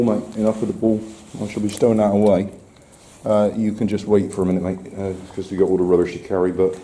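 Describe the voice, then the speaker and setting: A man's voice: lowish voice, dark tone, poor audio. A middle-aged man chatting casually to his camera and his dog while outdoors, often poking fun at himself. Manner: chatty, talks to his dog, self-mocking laughs. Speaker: vlogger walking his dog. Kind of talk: casual outdoor vlog chat. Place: outdoors on a rainy seafront. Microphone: handheld camera. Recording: faint outdoor noise.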